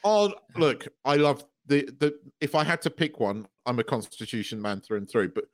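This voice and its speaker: A man's voice: medium pitch, expressive, normal speed. A man co-hosting a podcast, gushing and swearing as an emotional fan in casual chat. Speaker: podcast co-host.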